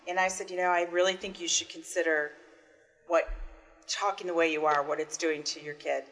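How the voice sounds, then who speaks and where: Earnest woman co-host, lowish voice. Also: flat delivery, brisk, a bit bright, long reverb tail. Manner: earnest, gives advice. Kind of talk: casual chat.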